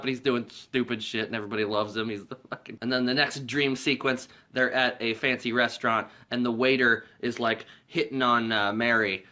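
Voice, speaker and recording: A man's voice: medium pitch, fairly even intonation, brisk, few pauses, pushed and bright. A man giving a casual movie recap as a reviewer, rambling and profane, with lots of filler words.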